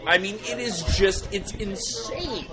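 A man's voice: high-pitched, sing-song, takes it slowly, over music. A man co-hosting a soccer podcast in casual chat, ranting and repeating himself as he builds a point. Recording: loud crowd behind.

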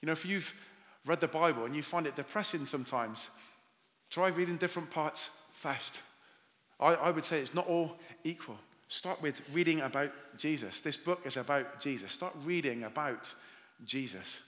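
A man's voice: fairly high pitch, moderate pace. A man with a Welsh accent preaching a sermon as pastor, telling stories and reading scripture aloud. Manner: warm storytelling with scripture readings. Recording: long hall reverb.

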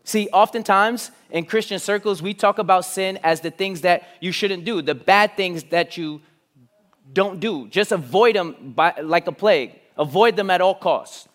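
A man with a notably high voice delivers a sermon in an auditorium. He dips into soft, almost whispered phrases, then climbs into loud, insistent bursts of emphasis. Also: measured pace. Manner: swings from hushed, near-whispered lines to loud, emphatic rising runs. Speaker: pastor.

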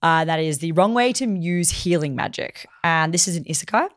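A woman co-hosting a podcast, recapping an anime plot in casual, animated chat full of fillers. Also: deep voice, moderate pace. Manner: chatty and animated, acts out characters' lines. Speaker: podcast co-host.

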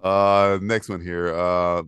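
A man's voice: low voice, level tone, slow pace, a bit bright, clear, resonant tone. A man co-hosting a podcast in casual chat, teasing and laughing often. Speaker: podcast co-host.

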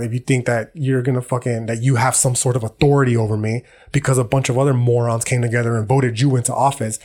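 Profane, blunt man, husky voice. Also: mid-range voice, a little mellow. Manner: profane, blunt, street slang. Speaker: podcast host. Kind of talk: casual monologue.

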